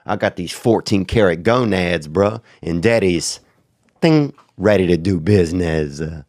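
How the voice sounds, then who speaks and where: A man's voice: low voice, lively intonation, measured pace, a little mellow, no room sound, studio quality. A sick, sniffling man hosting a podcast, riffing in a crude, slangy, rambling comic monologue. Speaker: podcast host.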